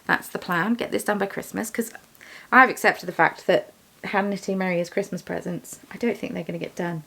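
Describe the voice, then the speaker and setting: A young woman talks casually over her bead weaving and drifts from one thought to the next. Her mid-pitched voice has some gravelly fry in it, and she teases herself as she goes. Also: fairly even intonation, brisk, fairly bright tone. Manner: rambling, self-deprecating, chatty. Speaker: vlogger, yarn dyer and shop owner.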